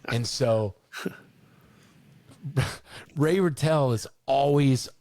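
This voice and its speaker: A middle-aged man co-hosting a podcast, telling stories in an animated, casual way, often repeating words and swearing now and then. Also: medium pitch, extremely slow, no echo, studio quality. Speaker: podcast co-host. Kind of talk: casual storytelling chat.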